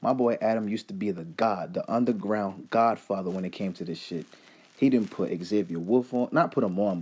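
A man's voice: lowish voice, warm tone. A man giving a profane, exasperated rant as a commentary vlogger. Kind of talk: ranting commentary.

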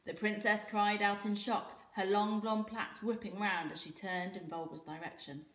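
A woman's voice: medium pitch, fairly even intonation, moderate pace, a bit bright, echoey room. British woman reading a story aloud. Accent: British English. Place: school room.

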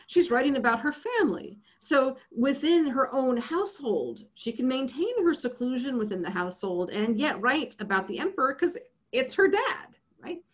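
A woman giving an academic lecture, lively and often checking in with her listeners. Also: a little high, lo-fi sound. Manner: lively, checks in with frequent "right?".

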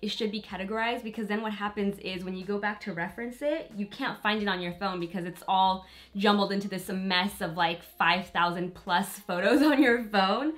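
A woman's voice: mid-range voice, normal speed. A woman beauty vlogger chatting casually and candidly to her viewers while she applies makeup. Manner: chatty and candid, with small laughs and fillers; talks to viewers directly while applying makeup. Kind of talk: casual get-ready-with-me chat.

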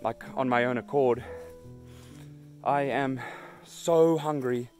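Faint music plays behind a young solo hiker whose mid-range voice is slow and a bit dark. Recording a casual video diary on a handheld phone or action camera on a mountain trail, he sounds exhausted and in pain, sighing frequently.

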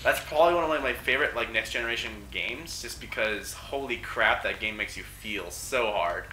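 Bright-voiced young man riffing over gameplay. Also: medium pitch. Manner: rambling, joking, quick to digress. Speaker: let's play co-host. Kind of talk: casual gaming commentary. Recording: roomy with faint noise.

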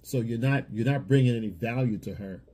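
A man's voice: medium pitch, fairly quick, mellow, slightly rough. A man giving blunt dating advice in a lecturing monologue, often repeating himself. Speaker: dating coach.

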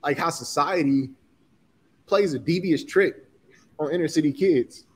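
A slightly rough, slightly high male voice at a measured pace belongs to a forty-something designer and entrepreneur from Chicago, USA. He recounts personal stories in a candid interview, earnest in feeling and loose with slang.

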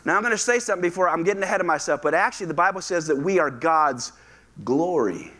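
A male pastor preaching a lively sermon, acting out voices and calling on the congregation to respond. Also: on the high side, fast. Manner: animated, acts out quoted voices, asks the congregation to respond. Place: church sanctuary.

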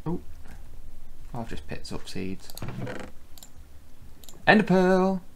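A man's voice: high voice, big pitch swings, extremely slow, a bit bright. A man giving casual, chatty gameplay commentary, thinking aloud as he plays. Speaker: gaming channel host.

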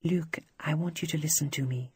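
Brief: narrator playing a patient young nurse, quiet and firm, dark mellow voice. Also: medium pitch, moderate pace, slightly rough. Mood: gentle.

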